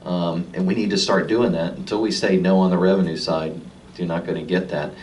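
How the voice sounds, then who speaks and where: A county supervisor arguing firmly at a public debate. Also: male voice, sits low, steady tone, fairly quick, darkish tone. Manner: firm, argumentative. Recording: distant mic with faint noise.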